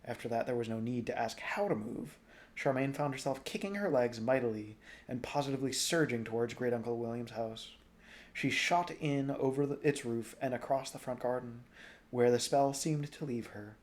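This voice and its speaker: A young adult man reading a novel aloud in a relaxed, informal way. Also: medium pitch, moderate pace. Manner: relaxed, informal, jokes at stumbles. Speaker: storybook reader.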